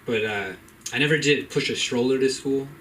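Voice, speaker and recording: A young man doing open-mic stand-up in a comedy club, rambling and deadpan. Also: medium pitch, moderate pace. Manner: laid-back, rambling, deadpan asides. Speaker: stand-up comic. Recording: distant mic, faint room noise.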